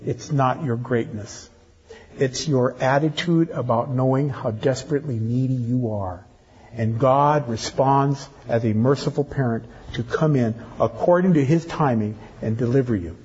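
Husky older man preaching. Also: medium pitch, moderate pace, a little mellow. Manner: teasing asides to the congregation. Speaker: pastor. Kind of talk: sermon. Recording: dull lo-fi church recording.

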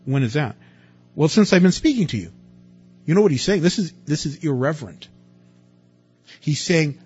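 A husky-voiced man preaches a sermon in a conversational, questioning way. He swings from loud emphatic stretches to quiet, dropped asides. The recording sounds dull and lo-fi, with faint music underneath. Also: fairly high pitch, sing-song, normal speed, pauses often. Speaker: pastor.

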